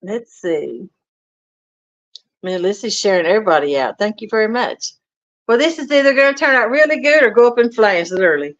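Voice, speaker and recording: A woman's voice: medium pitch, animated, fairly quick. A woman hosting a casual livestream from a home kitchen, greeting viewers and reading out their comments in a folksy, chatty way. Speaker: livestream host. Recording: dull lo-fi stream audio.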